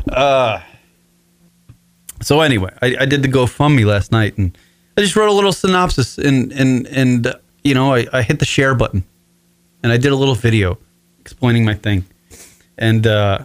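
A man's voice: mid-range voice, animated, moderate pace, pauses often, no echo. A man in his forties hosting a solo radio show from his apartment, talking in a rambling, profane, emotional way. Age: 40s. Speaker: podcast host.

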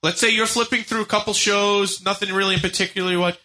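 A man's voice: high-pitched, steady tone, fast talker, pushed and bright. A man hosting a casual radio talk show, probing his guests and setting up hypothetical scenarios. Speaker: radio host.

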